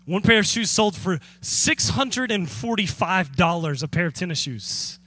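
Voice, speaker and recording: A man's voice: high-pitched, animated, measured pace, fairly bright tone. A man preaching a sermon as pastor, telling a story with chuckles and asides to the congregation.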